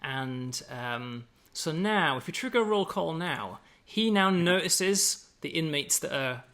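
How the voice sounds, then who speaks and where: An English man from England chatting through a gameplay demo in a casual, explanatory way, tossing in "you know" and "right?" as he goes. His voice is fairly high for a man, bright and edgy, with a lot of gravel in it. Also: expressive, unhurried. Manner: fond of British slang. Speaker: game developer.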